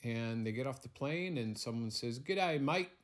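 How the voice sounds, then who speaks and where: A man's voice: mid-range voice, moderate pace. Playful man telling a bedtime story. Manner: playful, rambling, teasing.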